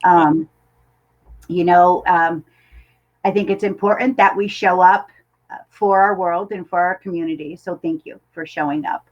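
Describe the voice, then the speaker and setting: A woman's voice: on the low side, fairly even intonation, unhurried, pauses often, dull audio. A woman hosting an interview, earnest and a bit hesitant as she thanks her guest and asks questions. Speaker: interview host. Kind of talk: interview conversation.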